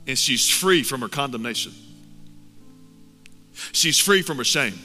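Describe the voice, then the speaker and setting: Bright-voiced man preaching in a hall. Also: mid-range voice, animated, unhurried. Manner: impassioned, swinging between loud urging and hushed intensity. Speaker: pastor. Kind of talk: sermon. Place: church hall. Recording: long reverb of a large hall with music behind.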